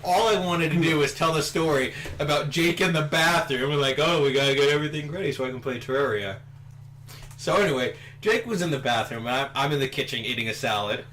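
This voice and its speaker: A man's voice: on the high side, brisk, fairly bright tone, slight background noise. A young man casually telling a rambling, giggly story while his friends play a video game. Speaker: co-host of a gaming channel. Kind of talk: casual storytelling over gameplay.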